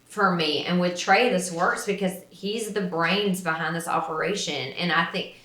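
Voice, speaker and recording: A woman's voice: lowish voice, moderate pace, bright, forceful tone, roomy sound. A woman co-hosting a podcast, chatting in a rambling, self-deprecating way. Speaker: podcast co-host. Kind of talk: casual chat.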